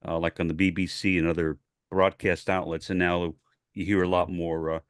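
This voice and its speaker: Low-voiced older man, trained broadcaster's diction. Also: level tone, clear, resonant tone, no echo, clean studio sound. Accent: General American. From New York City. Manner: measured, trained broadcast delivery with many pauses. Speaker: guest. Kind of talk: casual chat.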